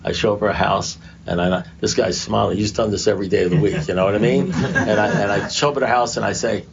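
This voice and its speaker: Older man, low gravelly voice, self-mocking storyteller at a group meeting, muffled lo-fi room recording. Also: steady tone, fast, a little hiss or hum. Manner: conversational, self-mocking humor. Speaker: recovery meeting speaker.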